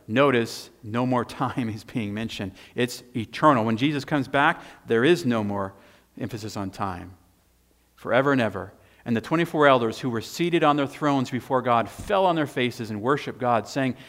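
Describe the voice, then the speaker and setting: A man preaching a sermon and reading scripture aloud, animated and emphatic, pointing to a handout. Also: medium pitch, moderate pace. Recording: long hall reverb.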